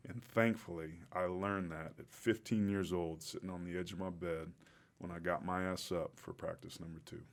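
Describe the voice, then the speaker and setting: A man's voice: deep voice, steady tone, moderate pace, gravelly. A man in his forties, a podcast guest, telling his story in a reflective, heartfelt and openly emotional way. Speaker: podcast guest, former pro football player. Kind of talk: interview storytelling.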